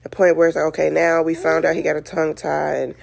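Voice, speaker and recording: A new mother talks straight to the camera in a low, gravelly voice with a good deal of fry. She sounds exhausted and speaks candidly and loosely, leaning on "like" and "you know" as she works through her thoughts. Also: monotone, fast talker, crowd noise. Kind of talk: casual talk to camera.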